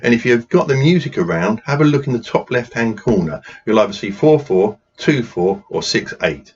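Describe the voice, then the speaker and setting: A man's voice: mid-range voice, expressive, moderate pace, a little mellow, husky. A man running a drumming workshop, patiently explaining rhythms and counting beats aloud while he plays. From England. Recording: dull lo-fi sound with noise.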